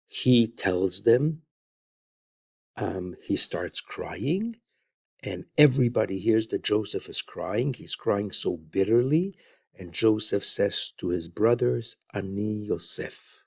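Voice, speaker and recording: A man retelling Bible stories in an informal, unhurried way, adding his own comments and Hebrew phrases, recorded on a close mic in a quiet room. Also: lowish voice, vocal fry, breathy edge, dry recording. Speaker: Bible teacher.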